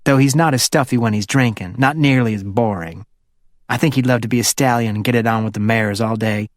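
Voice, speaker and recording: A man's voice: a little fast, no room sound, close to an everyday voice. A man voicing a playful, flirty wealthy woman in her fifties with a Hollywood Southern accent, chatty and teasing. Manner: teasing and chatty, sliding up into a higher voice.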